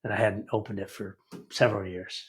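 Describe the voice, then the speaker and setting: A man in his sixties, an entrepreneur guesting on a conversational podcast, tells anecdotes with animated energy and mimics the people he quotes. His lowish, husky voice moves fairly quickly, and his manner is casual and sincere.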